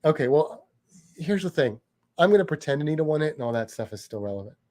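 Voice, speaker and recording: A man co-hosting a relaxed chat show, rambling along with frequent restarts and self-corrections. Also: on the high side, quick pace. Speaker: podcast co-host. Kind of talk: casual chat.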